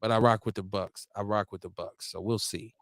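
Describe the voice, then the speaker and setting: A man hosting a casual sports talk show, speaking in a measured, halting way. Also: on the low side, steady tone, a bit bright, dry recording. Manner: measured, halting, with fillers and restarts. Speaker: host.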